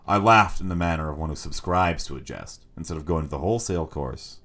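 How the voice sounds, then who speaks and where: A male streamer reading a story aloud in an expressive, measured storytelling manner. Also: very deep voice. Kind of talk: scripted narration.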